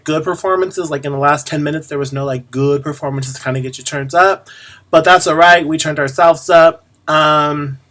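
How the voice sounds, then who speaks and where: In a drag performer's video diary, a man chats casually straight to camera, rambling with lots of ums, pauses, and restarts. His slightly high voice has a bright, forceful tone, and he delivers his asides with sassy flair.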